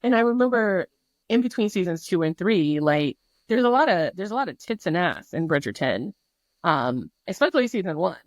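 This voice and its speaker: A woman's voice: on the low side, big pitch swings, moderate pace, no room sound. A woman talking as a podcast guest in casual chat, candid and chatty, cursing freely and circling back on herself. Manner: candid, chatty, swears freely, many fillers and restarts.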